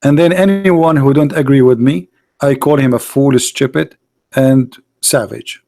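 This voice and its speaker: A street debater delivers an argumentative monologue, emphatic and scornful, repeating himself as he swings between loud outbursts and low asides. His voice is gravelly and his pace unhurried.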